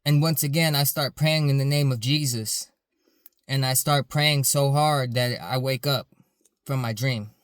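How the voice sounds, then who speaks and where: A man's voice: mid-range voice, fairly even intonation, a little slow, clear, resonant tone, dry recording, clean studio sound. Earnest man rambling through a story. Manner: earnest, rambling with many "like" fillers. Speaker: security supervisor telling his dreams. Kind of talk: casual storytelling to camera.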